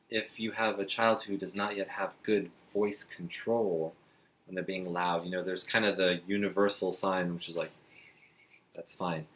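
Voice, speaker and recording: Low-voiced man teaching sign language. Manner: relaxed, chatty, with frequent fillers and slow demonstrating passages. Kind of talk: friendly instructional talk to parents.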